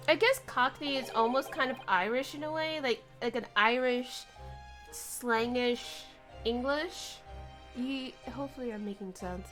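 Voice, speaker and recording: Young woman streamer, tired and rambling, high voice over faint lofi music. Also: measured pace. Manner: tired, rambling, joking, swears. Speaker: streamer playing and voicing a game. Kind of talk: casual game commentary with voiced dialogue. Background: soft lofi music.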